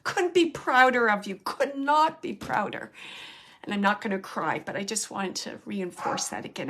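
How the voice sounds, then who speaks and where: A woman's voice: medium pitch, sing-song, normal speed, creaky, a bit bright, a little hiss or hum. Earnest woman medium giving readings. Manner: earnest, repeats phrases, speaks straight to the sitter. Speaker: psychic medium and show host.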